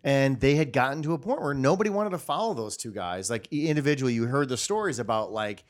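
A man's voice: mid-range voice, lively intonation, quick pace. Male comic, middle register, talky and earnest, restarts his sentences. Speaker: comedian podcast host. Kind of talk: casual chat.

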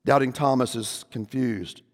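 A pastor preaches an unhurried sermon in a mid-range voice, building into loud, emphatic proclamation when quoting scripture. He's in a church sanctuary, and long reverb trails every phrase.

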